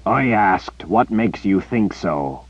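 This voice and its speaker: Guy reading an audiobook doing a deep gravelly evil emperor, slow and menacing, dry muffled recording. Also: expressive, no room sound, exaggerated voice. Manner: slow, threatening, demanding. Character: menacing male tyrant emperor speaking through a young soldier.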